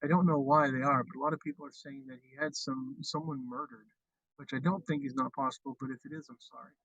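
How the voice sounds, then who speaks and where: A man's voice: mid-range voice, fairly even intonation, fast, fairly bright tone, no echo. A man hosting a casual livestream chat, rambling with frequent restarts. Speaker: livestream host. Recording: dull lo-fi stream audio.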